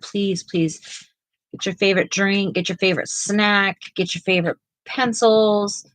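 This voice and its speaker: A woman's voice: medium pitch, a little slow, no echo, rough recording. A middle-aged woman co-hosting a live art stream, chatting casually and rambling with lots of fillers and restarts. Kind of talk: casual chat while painting.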